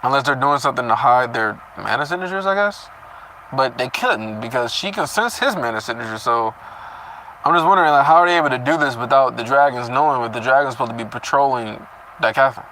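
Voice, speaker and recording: A man's voice: medium pitch, sharp tone, slight background noise, rough recording. A man reading a story chapter aloud and breaking off into casual, profane comments on it. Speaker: reader reacting to a novel chapter.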